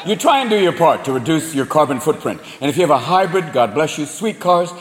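A man's voice: on the high side, sing-song, fairly quick, a little hiss or hum. A male stand-up comedian performing a crude, profane set in a large hall before a live audience. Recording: echoey hall, loud crowd.

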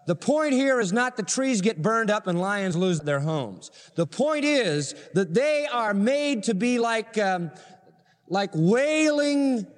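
A man preaching an expository sermon, his voice sitting a little high for a man. He explains scripture verse by verse and drives home his points with emphasis. His voice rings out with a long reverb in a large hall. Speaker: pastor.

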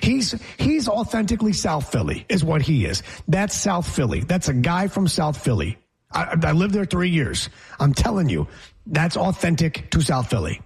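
Husky, animated male sports host. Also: fairly high pitch, normal speed. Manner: animated, opinionated, reads show rundown. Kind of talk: casual sports talk.

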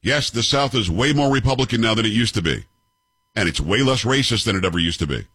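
Fifties male host, combative and sarcastic, husky lively delivery, dry studio sound. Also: on the low side, quick pace, no room sound. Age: 50s. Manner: combative, sarcastic, rhetorical questions. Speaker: commentary show host. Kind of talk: opinionated commentary on clips.

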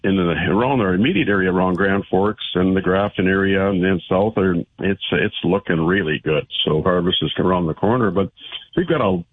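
A man's voice: low voice, fairly quick, breathy edge, no room sound. A man calling in to a radio show, talking crops in an easygoing, plain-spoken way. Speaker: farm guest. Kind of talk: casual radio chat. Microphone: phone line. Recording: tinny phone line.

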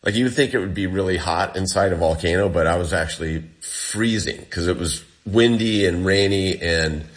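A man's voice: low voice, moderate pace. A man telling a story in a casual way. He acts out the dialogue and says "like" a lot. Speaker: interview guest.

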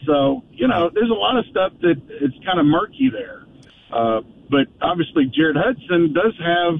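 A man's voice: sits high, vocal fry. A man calling in to a radio talk show, chatting casually and rambling with many restarts. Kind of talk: casual call-in chat. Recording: muffled phone line with faint hiss.

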